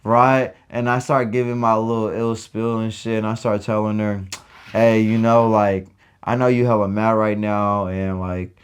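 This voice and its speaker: A young man telling a story in casual chat, animated and full of profane slang. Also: on the low side, normal speed, clean tone. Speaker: podcast co-host.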